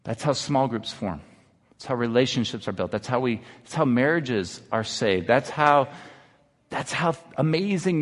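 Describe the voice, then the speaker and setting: Earnest male pastor preaching in a reverberant hall. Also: medium pitch. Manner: earnest, confessional, building to exhortation. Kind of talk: sermon. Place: church sanctuary.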